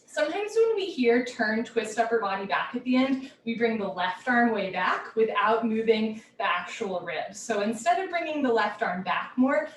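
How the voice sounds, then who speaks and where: A woman teaching a live yoga class from home, giving brisk, clipped posture cues with a light, playful touch. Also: on the high side, a little hiss or hum. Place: home room. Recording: roomy echo, heard from a distance.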